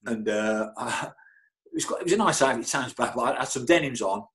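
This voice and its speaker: Middle-aged man telling lively stories. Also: medium pitch, fairly quick, low-quality recording. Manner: lively storyteller, stammers and repeats words. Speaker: football club physio, guest. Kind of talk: anecdotal interview storytelling.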